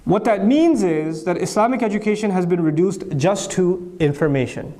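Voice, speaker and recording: A man in his thirties delivers an educational lecture in a fairly high voice. He drives his points home with rhetorical questions and repeated phrases. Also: normal speed. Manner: rhetorical questions answered by himself; animated, repetitive emphasis. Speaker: Islamic speaker.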